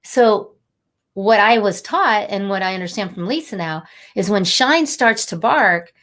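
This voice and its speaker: A middle-aged woman talking warmly and a little rambling as she encourages viewers during a live motivational stream. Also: medium pitch, animated, measured pace. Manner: warm, encouraging, rambling and conversational. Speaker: angel card reader and inspirational host.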